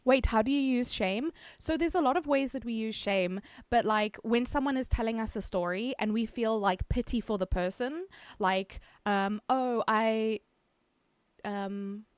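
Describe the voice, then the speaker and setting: Giggly and self-teasing, a South African woman streamer chats casually and reads out her viewers' messages. She speaks a little high, at normal speed with few pauses, in a clean tone with no room sound.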